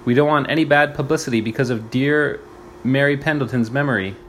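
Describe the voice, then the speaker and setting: A man's voice: mid-range voice, fairly quick, a bit bright, slight background noise, natural voice. A man reading aloud, voicing a crafty middle-aged guardian who barks angrily and then turns falsely pleasant. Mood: smooth.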